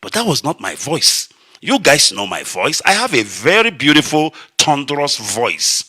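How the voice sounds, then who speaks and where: A Nigerian Igbo-accented radio broadcaster delivers an impassioned monologue, emphatic and declamatory, repeating points to give them weight. His voice is on the high side and sing-song, pushed and bright with a breathy edge, at a moderate pace.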